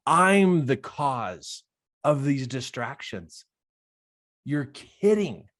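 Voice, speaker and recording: Animated man telling a story. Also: medium pitch, very slow. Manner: expressive, laughs often, acts out dialogue. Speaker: life coach.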